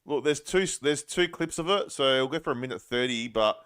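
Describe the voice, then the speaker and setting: A man's voice: mid-range voice, lively intonation, a little fast, a bit bright. A man co-hosting a casual podcast, mostly giving short casual replies. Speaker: podcast co-host.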